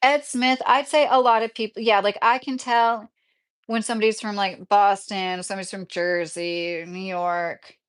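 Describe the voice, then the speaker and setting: A woman's voice: mid-range voice, fairly even intonation, normal speed, clear, resonant tone. A rambling, talkative woman in her thirties with a faint Midwestern accent, answering viewers on a casual livestream. She drifts from thought to thought and laughs often as she goes. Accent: slight Midwestern. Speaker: streamer answering viewer questions.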